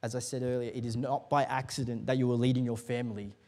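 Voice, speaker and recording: A man preaching a sermon, telling stories casually and then building to loud, emphatic exhortation. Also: medium pitch, flat delivery, fast. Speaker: pastor.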